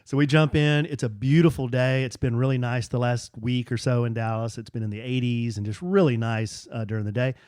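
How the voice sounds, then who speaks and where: A man's voice: mid-range voice, steady tone, brisk, few pauses, clear, resonant tone, no echo, studio quality. A man co-hosting a podcast, telling family stories in a rambling, easygoing way with frequent restarts. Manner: rambling, warm anecdotes with repeated restarts. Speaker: podcast co-host. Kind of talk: casual chat, storytelling.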